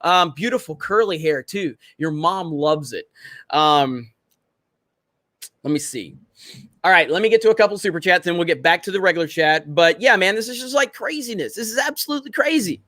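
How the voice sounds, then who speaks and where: A man's voice: high voice, lively intonation, moderate pace, a bit bright, no echo, studio quality. A man hosting a live stream, chatting casually and bantering with viewers in a brash, profane way.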